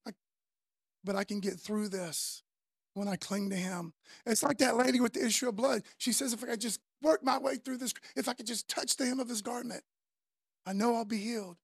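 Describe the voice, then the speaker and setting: A man, preaching a sermon in a loose, conversational way, often tagging lines with "man" and dropping from loud to soft. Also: extremely high pitch, vocal fry, slightly rough, no room sound, studio quality. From Florida, US. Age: 50s. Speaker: pastor.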